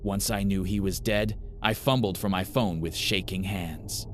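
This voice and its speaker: A man narrating a first-person horror story in a grim, measured way. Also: sits low, steady tone, a little hiss or hum.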